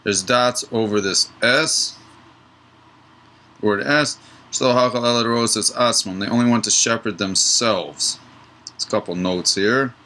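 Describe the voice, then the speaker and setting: Bright-toned man teaching Torah. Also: on the low side, rough recording. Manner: relaxed, digressive, tells a joke mid-lesson. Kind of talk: Torah study lesson.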